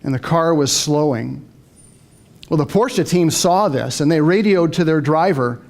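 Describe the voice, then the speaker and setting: A middle-aged man with a notably high-pitched voice delivers a motivational talk to a live audience. He tells his story lively and acts out the back-and-forth in his head. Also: measured pace, gravelly. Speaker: motivational speaker.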